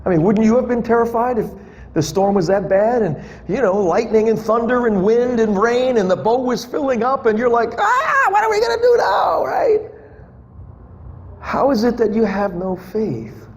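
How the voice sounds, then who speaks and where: Speaking at normal speed in a high, slightly mellow voice, this pastor delivers a conversational sermon, joking with and questioning his congregation. It's recorded in an echoing church hall before a live audience, with faint noise behind him.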